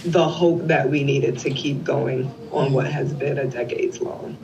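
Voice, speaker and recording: A woman's voice: extremely low pitch, measured pace, slight background noise. A woman in her forties, a guest in an interview, telling an emotional family story and acting out the dialogue of the people in it. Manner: animated storyteller who acts out quoted dialogue. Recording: slightly dull lo-fi recording.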